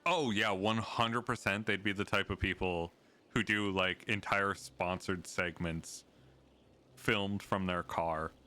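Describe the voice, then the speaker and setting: A man chatting casually while playing a co-op game, laid-back and quick to laugh. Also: low voice, steady tone, bright, forceful tone. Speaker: co-op game player. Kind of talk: casual gaming chat.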